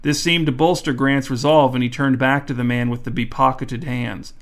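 A man giving a measured, even storybook narration. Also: mid-range voice. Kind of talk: scripted narration.

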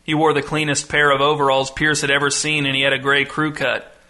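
Bright-voiced male audiobook narrator. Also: a little high, little pitch movement, fairly quick.

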